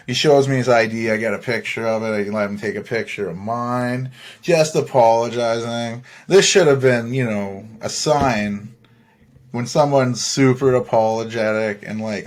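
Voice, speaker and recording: A man's voice: medium pitch, normal speed. A young man from Saskatchewan, Canada, hosting a podcast and rambling through a story with frequent laughs and swearing. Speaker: podcast host. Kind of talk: casual storytelling.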